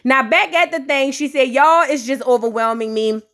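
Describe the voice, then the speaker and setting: A woman's voice: sits high, moderate pace. A woman giving casual, sassy and profane reaction commentary on a reality show, acting out the cast's lines as she retells them. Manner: sassy, profane, animated retelling with quoted voices. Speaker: reality TV recap host.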